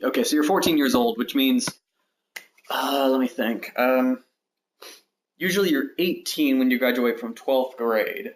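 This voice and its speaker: A man's voice: medium pitch, measured pace. A man in his early twenties chatting casually while streaming a building game, thinking aloud and rambling between tasks. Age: 20s. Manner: rambling, thinks aloud, counts blocks under his breath. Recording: noticeable background noise and clicks.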